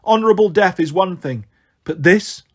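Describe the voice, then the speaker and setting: A man's voice: high voice, lively intonation, normal speed. A man voicing a stern young female commander who barks orders to her troops in an audiobook reading. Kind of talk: audiobook character voice.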